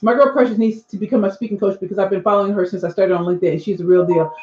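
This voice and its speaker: A woman in her forties, a speaking coach, talks very fast with fairly even intonation while reading viewer comments during a live stream and addressing her audience. Her medium-pitched voice is a little mellow, and the recording sounds dull and echoey, as if lo-fi.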